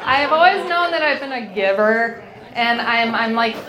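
A woman's voice: fairly high pitch, lively intonation, normal speed, a crowd in the background, noisy background. A young woman hosting a podcast, chatting candidly and frankly, swearing freely and laughing often. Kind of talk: candid casual chat. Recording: roomy echo.

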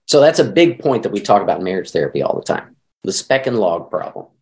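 Animated middle-aged male marriage counselor. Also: on the low side, fast. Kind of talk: conversational podcast interview.

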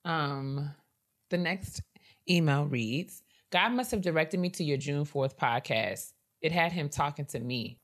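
A woman's voice: low voice, expressive, a little slow. A woman co-hosting a casual podcast, reading listener emails aloud with dry, teasing reactions. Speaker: podcast co-host.

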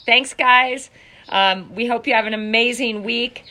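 A woman's voice: a little high, fairly even intonation, moderate pace, sharp tone. A woman co-hosting a casual live chat, upbeat and encouraging as she signs off to listeners. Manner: upbeat, encouraging sign-off talk. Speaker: podcast co-host and coach.

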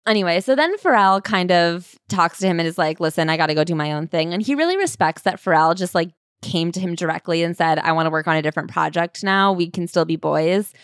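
A woman co-hosting a podcast, casually retelling a book with a relaxed, chatty manner and lots of "like". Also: on the low side, quick pace, hardly any pauses, clean tone, dry recording, clean studio sound. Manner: relaxed storyteller, peppered with "like". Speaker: podcast co-host. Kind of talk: casual book-summary chat.

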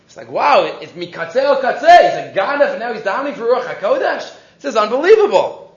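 Animated high-voiced man teaching Torah. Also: fast talker, roomy sound, lo-fi sound. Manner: animated storytelling, mixing Hebrew and English, frequent restarts. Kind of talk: weekly Torah class.

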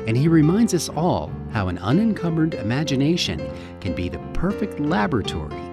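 A man's voice: fairly high pitch, huge pitch swings, brisk, over loud music. A man hosting a public radio arts show, reading scripted introductions and credits in an upbeat, announcer-like way. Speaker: radio host and producer.

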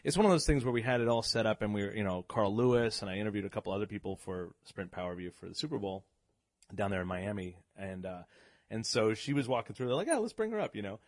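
A man telling stories in casual chat, animated and laughing, acting out the voices of people he quotes. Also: lowish voice, quick pace, no room sound, clean studio sound. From New England. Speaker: guest, event emcee. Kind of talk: casual storytelling.

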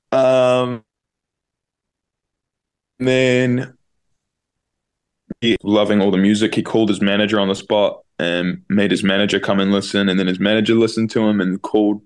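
A young man in his twenties with a New Zealand accent, a guest telling a story casually over a video call and peppering it with "like". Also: fairly low pitch. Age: 20s. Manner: rambling, heavy use of "like". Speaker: guest musician.

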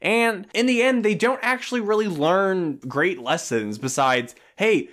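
A man's voice: sits high, expressive, a bit bright. Sarcastic man recapping a movie. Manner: sarcastic, acts out characters' lines in quick put-on voices; swears casually, laughs at own jokes. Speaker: podcast co-host. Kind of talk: casual movie recap chat.

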